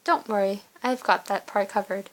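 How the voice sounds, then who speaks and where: A woman's voice: mid-range voice, steady tone, normal speed, close to an everyday voice, poor audio. A woman voicing a young man in a game story, an earnest fire-wielding suitor with a teasing, eager-to-please way of talking.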